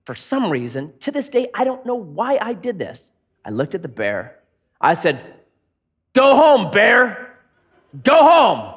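A middle-aged pastor preaches a storytelling sermon in a high-pitched voice that swings animatedly up and down, acting out the people in his stories. He speaks at a moderate pace with a slightly rough tone.

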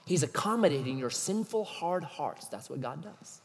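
A man preaching a sermon in an animated, emphatic way, full of rhetorical questions. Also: fairly high pitch, normal speed, hardly any pauses, big-room sound.

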